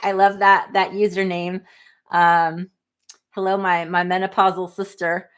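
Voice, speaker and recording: A woman in her fifties hosts a casual livestream, reading viewer comments aloud and answering them. Her voice sits a little low, and she talks in a chatty, apologetic way, full of quick asides. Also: flat delivery, smooth. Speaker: livestream host.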